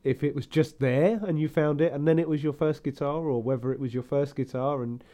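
A man co-hosting a casual podcast, rambling through listener messages. He laughs often and slips into playful camp voices. His voice sits a little high. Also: steady tone, a little fast, warm tone. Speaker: podcast co-host. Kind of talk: casual chat.

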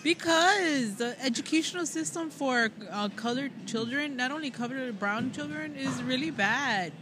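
A woman's voice: high voice, expressive, moderate pace, over music. A woman co-hosting a casual podcast chat, teasing her partner and laughing readily. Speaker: podcast co-host.

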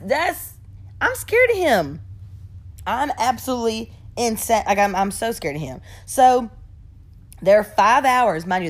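Animated gossipy young woman storyteller. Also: medium pitch. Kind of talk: casual storytime chat.

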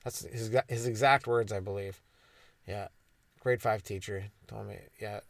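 The same kind of self-interrupting monologue, rambling, crude and ironic, comes from a comedy podcast host from Ontario, Canada. Here his voice is on the low side, steady, a little slow and creaky, with no room sound.

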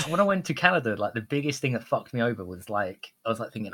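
A man's voice: medium pitch, very animated, quick pace, bright, forceful tone, husky. A British man from Britain, a podcast guest chatting casually and telling anecdotes with a laugh. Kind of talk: casual chat.

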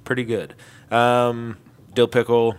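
A man's voice: medium pitch, flat delivery, slow, clean tone. A man co-hosting a casual chat podcast, talking in an easygoing way and laughing often. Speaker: podcast co-host.

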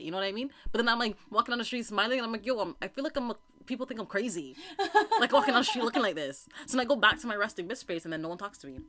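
Lively fast-talking young woman. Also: mid-range voice. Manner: animated storytelling with acted-out quotes. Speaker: podcast co-host. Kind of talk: casual chat.

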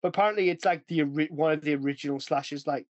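A chatty podcast host, a man whose voice sits a little high. He rambles and restarts his sentences as he talks. The sound is dry and close, with no room around it. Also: very fast, no echo, dull audio. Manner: rambling, chatty, often breaks into acted quotes. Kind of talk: casual chat.

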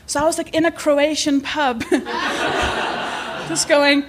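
Live podcast host, woman, high giggly voice, swears, self-deprecating. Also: flat delivery, takes it slowly, noisy background. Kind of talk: live podcast chat before an audience.

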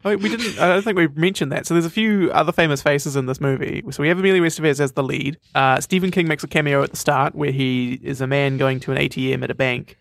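A man's voice: a little high, steady tone, quick pace, vocal fry, few pauses, no echo. A man co-hosting a podcast, chatting casually about a film and swearing freely. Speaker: podcast co-host.

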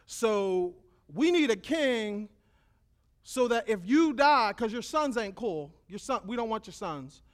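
A man's voice: sits high, very animated, slow pace, full character voice. A man voicing a pushy crowd of ancient townspeople who demand things in slang during a sermon.

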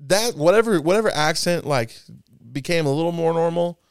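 Man, podcast co-host, laid-back, smooth voice, dry sound. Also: on the high side, lively intonation, a little fast, no room sound. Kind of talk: casual chat.

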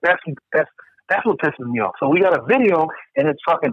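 A man talks in a casual podcast chat, heated and profane as he rants. His voice sits fairly high. The sound is dry and a little dull, with a lo-fi edge. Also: big pitch swings, fast, no room sound.

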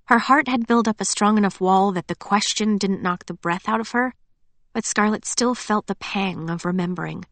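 A woman narrating an audiobook in a calm, measured storytelling manner. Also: mid-range voice, no room sound. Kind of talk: scripted narration.

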